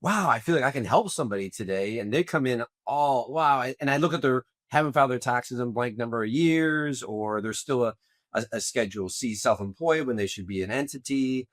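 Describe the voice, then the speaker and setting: A man's voice: medium pitch, moderate pace, no echo. A middle-aged man hosting a podcast interview, talking in a rambling, conversational way with many restarts. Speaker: podcast host and tax accountant.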